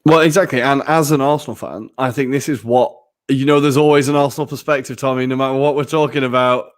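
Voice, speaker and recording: A man's voice: mid-range voice, steady tone, quick pace. A man co-hosting a casual football podcast, chatty and self-mocking. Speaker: podcast co-host.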